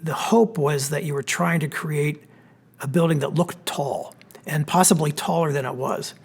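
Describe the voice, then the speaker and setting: Pennsylvania guy, architect walking through slides, kinda husky, a bit high, lots of ums. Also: moderate pace. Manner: relaxed, explanatory, with frequent fillers. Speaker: architect giving a history talk. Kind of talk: illustrated lecture with slides. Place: church hall.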